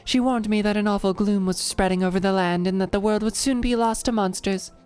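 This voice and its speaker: A woman voicing a gentle, divine female great fairy from a video game, speaking softly and earnestly. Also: medium pitch, steady tone, brisk, smooth, faint music behind, lightly acted. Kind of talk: reading game dialogue aloud.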